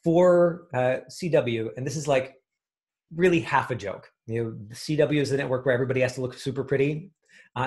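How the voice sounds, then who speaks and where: A man's voice: medium pitch, a little mellow. A man coaching an acting class, talking in a rambling way with many fillers and restarts.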